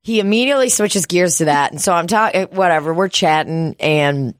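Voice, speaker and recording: A woman's voice: on the low side, a little fast, dry recording, studio quality. A woman co-hosting a podcast, telling stories in casual chat and acting out what others said, with plenty of swearing. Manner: storytelling, swearing, acting out quotes. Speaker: podcast co-host.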